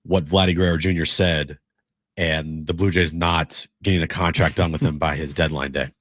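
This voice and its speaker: A male sports radio co-host giving opinionated, animated takes in a studio. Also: very deep voice, normal speed. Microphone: studio mic.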